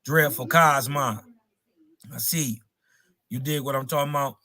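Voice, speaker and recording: A man's voice: mid-range voice, normal speed, pushed and bright. A man hosting a live stream, slangy and combative in a heated debate, cutting in and talking over his guest. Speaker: livestream host.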